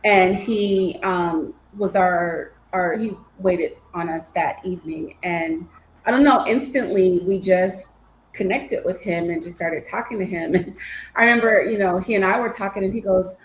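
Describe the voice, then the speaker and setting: A woman, a guest in an interview, telling travel stories in a lively way with frequent laughter. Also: on the low side, normal speed. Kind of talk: casual storytelling. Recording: echoey room, faint noise.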